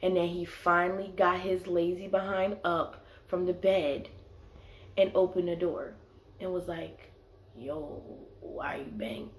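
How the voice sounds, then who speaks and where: A woman's voice: fairly low pitch, measured pace, slight background noise. Slangy young woman telling a story. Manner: animated, slangy storytelling with many "like"s. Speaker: vlogger. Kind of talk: casual storytelling. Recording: echoey room.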